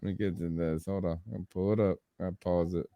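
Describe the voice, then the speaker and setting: A man co-hosting a sports podcast, telling stories in a loose, profane, animated way and laughing often. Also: deep voice, brisk, dry recording. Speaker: podcast co-host. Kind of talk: casual chat.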